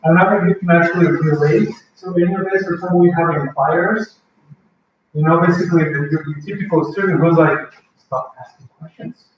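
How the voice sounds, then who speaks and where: A man's voice: on the high side, fairly even intonation, brisk, slight background noise. A man presenting a language-learning workshop to a live audience, talking conversationally and often asking the audience questions. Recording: echoey, dull, mic far away.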